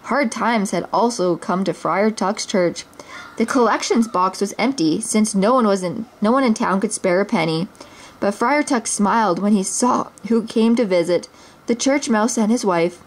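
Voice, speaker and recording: A woman's voice: mid-range voice, moderate pace. A woman, a mother, reading a children's storybook aloud expressively, now and then stumbling and restarting a word.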